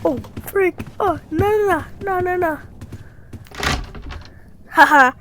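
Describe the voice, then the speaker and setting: Woman gamer, super slow drawly talk, playful and singsong, game sounds going in the back. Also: extremely high pitch, a bit bright, a little hiss or hum, poor audio. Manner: playful, singsong, bursts into shrieks. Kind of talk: let's-play commentary.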